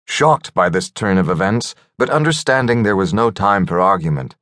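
A man narrating a fantasy audiobook in a measured, gentle storytelling manner. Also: low-pitched, expressive, no room sound, studio quality. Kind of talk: scripted narration.

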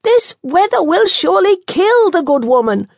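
A man's voice: extremely high pitch, very animated, moderate pace, gravelly, no room sound, studio quality, voice pushed up, heavily acted. A woman reading the part of a worried male London physician, calling out over a storm while riding. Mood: anxious pleading. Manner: shouting over the wind.

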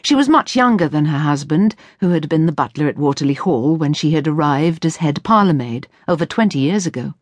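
A woman reads a novel aloud with clear, expressive storytelling. Her voice sits low but moves a lot in pitch. The studio sound is close and dry. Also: a little fast, hardly any pauses, no echo. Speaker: audiobook narrator. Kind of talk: scripted narration. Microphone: close studio mic.

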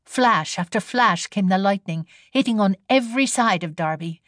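A woman narrating an audiobook story, reading in an even storytelling manner and voicing the characters now and then. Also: medium pitch, normal speed, no echo. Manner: storytelling read with voiced characters. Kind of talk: scripted narration.

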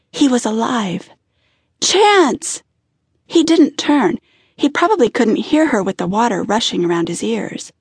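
A woman reading a romance audiobook in an expressive, intimate style. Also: mid-range voice, breathy edge, no room sound, clean studio sound. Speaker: audiobook narrator. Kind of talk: scripted narration.

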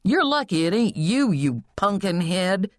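An exasperated big brother, voiced by a woman narrating an audiobook, a country teenager who talks gruffly and scolds. Dry, close recording. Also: medium pitch, big pitch swings, a little slow, dry recording, pitched above the performer's own voice.

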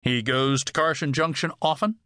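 A man's voice: on the high side, moderate pace, bright, forceful tone, dry recording, studio quality, voice pushed up. A man doing a wary cowboy drifter.

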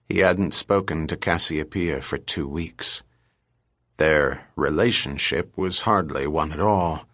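A man narrating an audiobook thriller in a steady, measured storytelling manner. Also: low voice, no room sound, clean studio sound.

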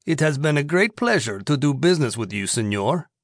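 A man's voice: a little high, animated, no echo, clean studio sound, pitched above the performer's own voice. A man putting on a sly prison commandant. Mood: sly menacing. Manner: slow, drawn-out, oily politeness with veiled threats. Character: smug, greedy male Mexican prison commandant.

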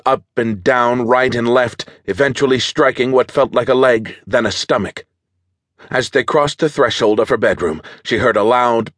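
A man narrating a thriller audiobook in a measured, steady storytelling manner on a close studio mic. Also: mid-range voice, no echo.

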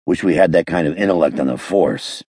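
A man voicing a sour, hungover police lieutenant who talks gruffly and sarcastically. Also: extremely low pitch, a little fast, darkish tone, no echo, clean studio sound.

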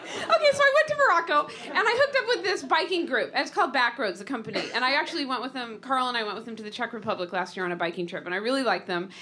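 A woman's voice: on the high side, fast talker, hardly any pauses. A woman in her forties, a comedian, telling a rambling personal story live, laughing through it. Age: 40s. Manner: animated, laughing, rambling restarts.

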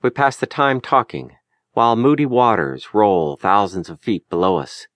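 Male audiobook narrator, somewhat low, unhurried and lyrical, dry booth. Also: fairly bright tone, no echo. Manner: measured, lyrical, deliberate delivery. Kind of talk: scripted memoir narration. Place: recording studio. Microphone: close studio mic.

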